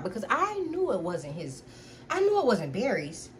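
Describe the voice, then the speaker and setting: A young woman talks straight to her viewers, spinning a personal story in a loose, chatty way. She is frank and swears freely, and her delivery stays animated. Her voice sits at a medium pitch with a faint hiss in the background. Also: a little slow. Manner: candid, profane, animated. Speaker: storytime vlogger.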